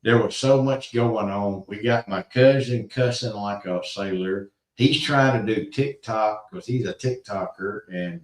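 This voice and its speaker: A man's voice: fairly low pitch, unhurried, few pauses, echoey room, far from the mic. A middle-aged man co-hosting a casual chat, telling rambling stories with a laugh. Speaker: co-host.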